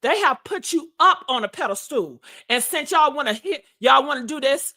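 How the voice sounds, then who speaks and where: A woman's voice: high voice, expressive, moderate pace, hardly any pauses, bright, forceful tone. A woman hosting a gossip livestream, brash and profane, talking in a casual style and calling viewers honey and baby.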